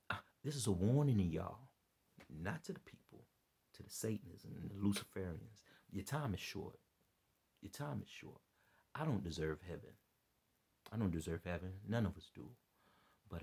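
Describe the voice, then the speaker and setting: A worn-out man preaches straight to his viewers in a loose, rambling vlog, circling back over the same phrases. His voice sits low and gravelly with a husky, rough edge. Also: darkish tone. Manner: rambling, repeats phrases, preachy appeals to listeners. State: worn out and dead tired. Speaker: online preacher and commentator. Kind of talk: impassioned unscripted vlog commentary.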